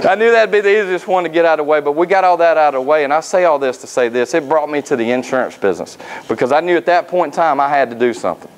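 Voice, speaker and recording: A man, giving a motivational speech at a sales academy. He tells folksy personal stories and pauses often on "uh.". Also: fairly high pitch, slight background noise, rough recording. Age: 30s. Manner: folksy, anecdotal, frequent "uh" fillers.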